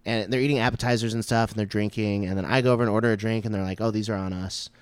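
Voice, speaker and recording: A man, a stand-up comic, telling a story in casual chat, animated and full of swearing and "like" fillers. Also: on the low side, racing, clean tone, no room sound. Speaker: stand-up comedian.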